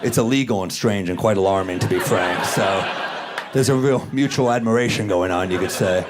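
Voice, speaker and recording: A man doing stand-up comedy on stage, telling a story with a wry, self-deprecating delivery and quick jumps into acted-out voices. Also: lowish voice, a crowd in the background. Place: comedy stage before a live audience. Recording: clear audience noise. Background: audience laughter.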